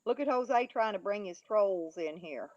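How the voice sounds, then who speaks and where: A woman's voice: mid-range voice, animated, moderate pace, dry recording. A woman hosting a casual livestream, reading the chat and taunting trolls with a laugh. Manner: mocking, taunting, laughing often. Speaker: livestream host. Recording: dry, dull lo-fi audio.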